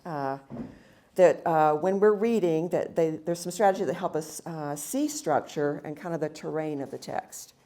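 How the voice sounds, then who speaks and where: A woman's voice: low-pitched, moderate pace, warm tone. A woman teaching a Bible study session at a women's retreat, reading verses aloud and then explaining them with frequent fillers and restarts.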